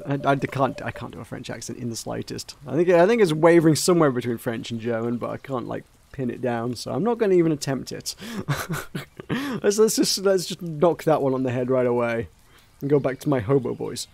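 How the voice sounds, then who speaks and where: A man's voice: medium pitch, brisk, vocal fry, a little mellow, soft background music. A man giving casual gameplay commentary as a let's play gamer, rambling and self-mocking.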